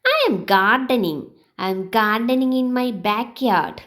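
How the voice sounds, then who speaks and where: A woman teaching beginners, reading short example sentences one by one in a slow, clear, sing-song way. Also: a little high, fairly bright tone. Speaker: English teacher.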